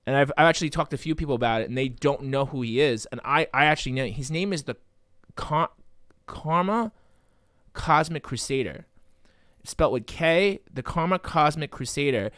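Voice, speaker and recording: A man's voice: fairly high pitch, normal speed, no echo, clean studio sound. A man co-hosting a podcast, telling rambling stories in casual chat with lots of fillers. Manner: rambling, animated storyteller with many fillers. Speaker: podcast co-host.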